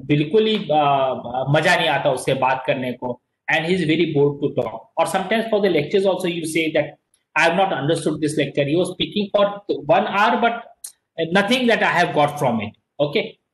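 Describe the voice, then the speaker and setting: A man's voice: on the high side, fast talker, a bit bright, roomy sound, a little hiss or hum, low-quality recording. A man with an Indian accent giving a classroom lecture, repeating himself and often asking "okay?", switching between English and Hindi. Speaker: teacher.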